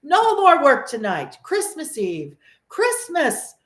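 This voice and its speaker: Lady putting on a big jolly old merchant guy, way up high, loud and stretched out, echoey. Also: wildly swooping pitch, exaggerated voice. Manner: booming, drawn-out hearty calls. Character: jovial fat old male merchant, hearty. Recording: echoey room.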